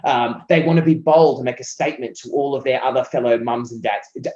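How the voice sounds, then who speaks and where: A man's voice: medium pitch, fast talker, mellow. Passionate, talkative Australian man on a dull roomy line. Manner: passionate, talkative, acts out client quotes. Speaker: copywriter being interviewed. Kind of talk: casual interview conversation.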